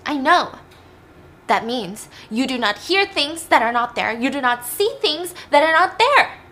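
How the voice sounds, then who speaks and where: A woman's voice: high voice, very animated, unhurried, pitched above the performer's own voice, exaggerated voice. A woman doing a furious drunken dad. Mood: furious yelling. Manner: yelling, threatening. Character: abusive drunken father, middle-aged man, furious.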